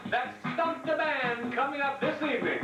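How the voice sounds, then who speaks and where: An announcer reads a mock TV promo in a high voice with smooth delivery. Loud music plays behind in a roomy room, with the voice away from the mic. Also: moderate pace, distant mic, dull audio.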